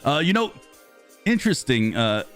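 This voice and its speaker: A man in his thirties casually chatting with viewers on a live stream, rambling and talkative, losing his voice and clearing his throat. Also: normal speed, faint music behind. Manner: chatty and rambling, lively pitch swings when greeting viewers. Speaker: streamer host reading live chat.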